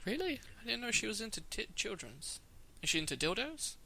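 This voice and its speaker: A man's voice: high voice, very animated, fairly quick, vocal fry, bright, forceful tone. A young man co-hosting a podcast in casual chat, crude and joking, often giggling. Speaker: podcast co-host.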